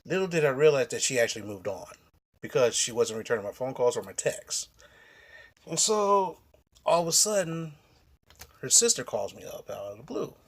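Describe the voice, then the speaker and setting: A man's voice: mid-range voice, big pitch swings, moderate pace, husky. Blunt, profane man telling a story. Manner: blunt and profane, rambling with restarts. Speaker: vlogger. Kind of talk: casual personal storytelling to camera.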